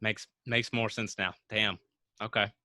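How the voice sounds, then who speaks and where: A man's voice: lowish voice, flat delivery, unhurried, pushed and bright, no echo. A man hosting a casual podcast, upbeat and encouraging, turning often to speak straight to his listeners. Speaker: podcast host.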